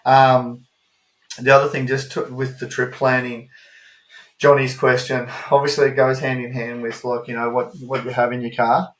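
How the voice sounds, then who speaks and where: A man with an Australian accent co-hosting a podcast, telling animated travel stories in casual chat and swearing freely. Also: mid-range voice, normal speed. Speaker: podcast co-host. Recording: roomy echo.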